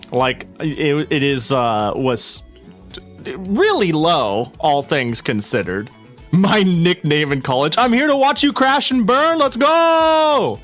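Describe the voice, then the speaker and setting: A male streamer rambling through a casual live chat, his pitch bouncing up and down a lot as he self-interrupts and swears. He talks slowly and sounds a little out of breath, with faint music playing behind him. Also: a bit bright. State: slightly out of breath.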